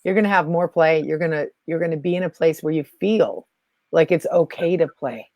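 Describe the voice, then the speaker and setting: Woman guest, calm coach, reassuring, dry close sound. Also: deep voice, fairly quick, no room sound, highs cut off. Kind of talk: casual spiritual chat.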